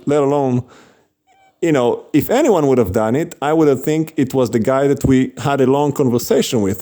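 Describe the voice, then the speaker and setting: A man's voice: on the high side, dark tone. A man casually telling a story about street preaching, chatty, with frequent laughs and fillers.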